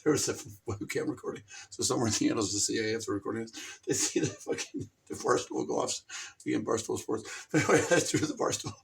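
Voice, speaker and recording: Gravelly man on a profane, giggly rant. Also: fairly low pitch, fast talker, slight background noise. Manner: rambling, profane, laughs often, jumps into silly voices. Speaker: host. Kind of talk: crude comedic rant.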